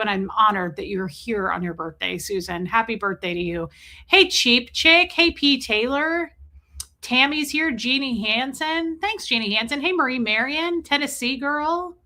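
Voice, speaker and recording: A woman's voice: sits high, sharp tone. A woman hosting a casual livestream, chatting and joking as she reads out viewers' names. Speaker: livestream host.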